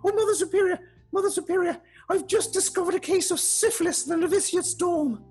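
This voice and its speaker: A man putting on the high, shrill voice of a panicked young nun while telling a joke. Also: brisk, a little mellow, soft background music. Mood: alarmed.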